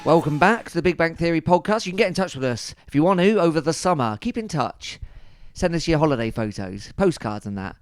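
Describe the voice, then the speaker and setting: A man's voice: a little high, animated, fairly quick, few pauses, faint music behind. A man co-hosting a podcast in casual, jokey, playful banter. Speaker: podcast co-host. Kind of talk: casual chat.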